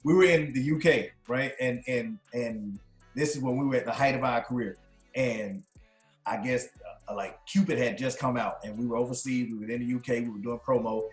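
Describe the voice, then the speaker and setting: Man, Southern US accent, animated joking storyteller, mid pitch, roomy echo. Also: brisk, faint music behind. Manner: animated storyteller, jokes, laughs, does high squealing impressions. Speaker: singer being interviewed. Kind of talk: casual storytelling interview.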